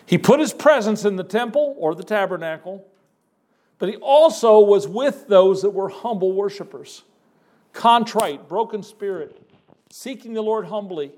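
A male preacher delivering a sermon in a fairly high voice. He speaks emphatically and folksily, calling his listeners folks, pausing and repeating words as he builds each point. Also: animated, darkish tone.

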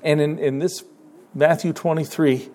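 A man's voice: on the high side, fairly even intonation, unhurried, a little mellow. A man preaching a sermon in a conversational way, with sudden emphatic rises.

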